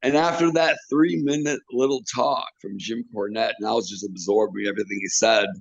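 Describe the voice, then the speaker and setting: Gravelly man telling wrestling stories. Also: lowish voice, a little fast, dry recording. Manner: animated, acts out quotes in others' voices. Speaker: wrestling manager and trainer. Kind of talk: interview storytelling. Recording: dull lo-fi recording.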